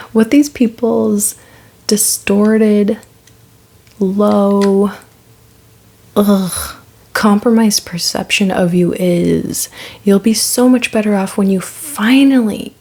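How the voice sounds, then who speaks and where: A woman card reader talking slowly in a breathy, half-whispered voice with a gravelly fry. She is blunt and direct and drives each point home by repeating it again and again. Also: medium pitch, darkish tone. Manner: blunt, repetitive, emphatic reassurance.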